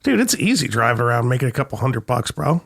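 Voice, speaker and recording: A man on a casual podcast, telling a long, profane, rambling story and mimicking other people in a higher voice. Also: very animated, fast talker, creaky, breathy edge. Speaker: podcast co-host. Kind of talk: casual chat.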